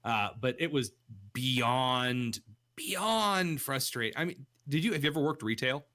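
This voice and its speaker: Young guy on a radio show, bright voice, animated storyteller, close studio mic. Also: unhurried. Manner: animated storyteller, jumps pitch for quoted voices. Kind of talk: casual radio chat.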